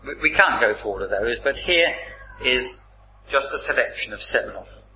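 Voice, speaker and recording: A man preaching a sermon, teaching from the Bible in a measured, emphatic way. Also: medium pitch, animated, a little hiss or hum. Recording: roomy, slightly dull recording.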